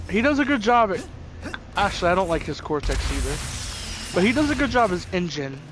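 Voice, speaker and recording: A man's voice: fairly high pitch, noisy background. A young man from the American South, giving rambling, opinionated commentary over gameplay, full of fillers and restarts. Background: game music.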